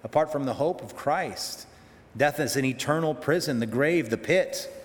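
A man's voice: on the high side, moderate pace, big-room sound. A man preaching a sermon, conversational and emphatic, full of rhetorical questions.

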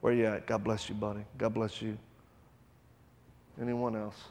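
A man preaching a sermon to a live audience, telling stories with acted-out voices and loud bursts, then leading an altar call. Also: on the low side, little pitch movement, moderate pace, long reverb tail.

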